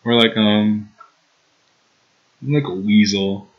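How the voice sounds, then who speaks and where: A man's voice: fairly low pitch, fairly even intonation, slow pace, highs cut off. A young man hosting a let's play, reading visual novel text aloud with casual, giggly asides.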